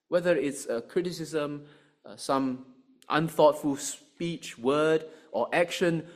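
Animated man preaching a sermon. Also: high voice. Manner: animated, rhetorical "right?" asides, acts out angry voices.

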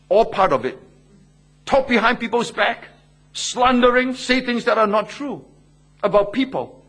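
A man's voice: sits high, a bit bright. A male pastor, preaching emphatically and posing rhetorical questions with repeated phrases. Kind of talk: sermon.

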